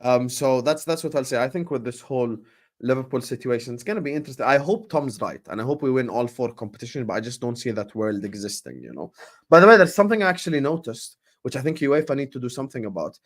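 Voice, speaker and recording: A man's voice: medium pitch, sing-song, fast. A man hosting a casual football chat, teasing his co-host, laughing often and swearing casually. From Jordan. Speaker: podcast host.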